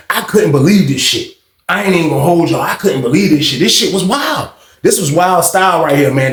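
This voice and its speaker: A man telling a story in a loose, slangy way, swearing freely as he goes. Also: on the high side. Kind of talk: casual storytime. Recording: roomy echo.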